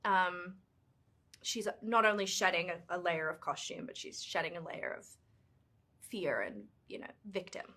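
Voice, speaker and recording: Bright, chatty young British woman. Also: on the low side, a little slow. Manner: chatty, animated, many fillers. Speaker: actress and author being interviewed. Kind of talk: casual press junket interview.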